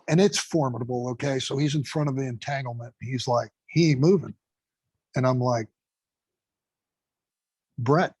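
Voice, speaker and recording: A man guest on a podcast, a fire training instructor telling stories in an emphatic, profane, animated way. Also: mid-range voice, breathy edge, dry recording, rough recording. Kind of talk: casual podcast storytelling.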